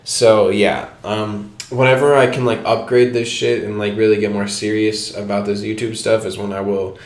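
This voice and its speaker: A man's voice: fairly low pitch, little pitch movement, normal speed. A young man casually telling a story to camera, rambling and filling his talk with "like", laughing at his own anecdotes, recorded on an old home microphone. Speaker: vlogger. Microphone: cheap old home microphone. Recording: echoey room, old microphone.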